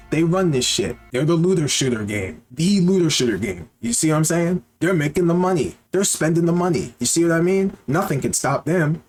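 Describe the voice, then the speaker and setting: A man giving casual gaming commentary, animated and profane, often repeating rhetorical questions. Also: a little high. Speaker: gaming YouTuber.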